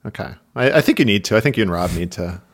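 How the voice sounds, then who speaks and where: Animated man telling stories on a podcast. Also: fairly low pitch, quick pace. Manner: animated storyteller, acts out quotes. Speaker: podcast co-host. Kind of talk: casual podcast chat.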